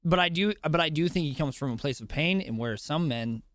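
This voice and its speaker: Joking guy on a podcast, slightly high voice that jumps around a lot, dry mic. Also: animated, a little fast, fairly bright tone, dry recording. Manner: joking and laughing, slips into put-on voices. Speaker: podcast co-host. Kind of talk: casual podcast chat.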